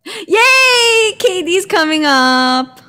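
A woman's voice: sits high, animated, slow. Giggly Filipino woman hosting a livestream. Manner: bubbly, giggly, chatty with viewers. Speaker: livestream host. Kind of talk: casual livestream chat.

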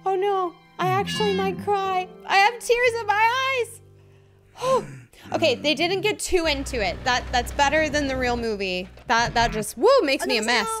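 High, lively woman reacting to clips. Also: moderate pace. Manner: exclamatory, gasping, easily moved. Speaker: video host. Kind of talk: reaction commentary on video clips. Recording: loud clip music playing under the voice.

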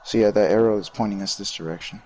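A young man chatting while playing a co-op game, jumpy and quick to swear, breaking into panicky bursts. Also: lowish voice, a little mellow. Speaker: gamer playing co-op. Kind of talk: casual gaming chat.

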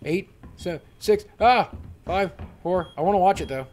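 A man giving live gameplay commentary as a streamer, excitable and swearing, panicking and talking to his chat. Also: high-pitched, moderate pace, slight background noise. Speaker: gaming streamer.

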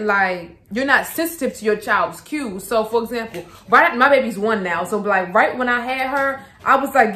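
A woman's voice: medium pitch, fairly bright tone. A young woman and mother talking casually to camera in a vlog, full of slang, asides and "like"s. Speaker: vlogger, mother. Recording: echoey room.

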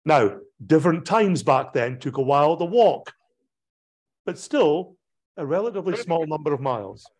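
A male pastor talks a congregation through a map in a loose, conversational lecturing voice. His voice sits a little higher than most men's, and he keeps breaking off with fillers and restarts as he explains. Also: lively intonation, moderate pace, a little mellow. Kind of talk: illustrated talk on pilgrimage. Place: church hall presentation.

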